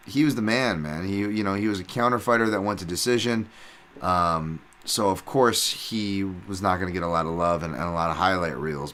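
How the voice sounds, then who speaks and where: A man hosting his own podcast, talking casually and profanely, rambling with fillers and restarts, and getting loud when excited. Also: fairly low pitch. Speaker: podcast host.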